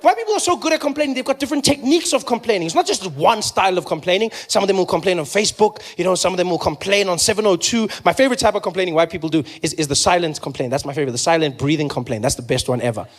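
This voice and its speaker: A man's voice: high-pitched, very fast, hardly any pauses. A man from South Africa with a South African accent, performing a playful stand-up comedy set and acting out characters. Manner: animated, playful, acts out characters.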